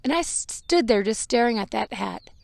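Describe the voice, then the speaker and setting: Frank woman with a gravelly edge. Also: on the high side, animated, normal speed, a little mellow, no echo. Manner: frank and emotional, with laughs and the odd swear. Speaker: podcast host; mother. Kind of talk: candid personal storytelling.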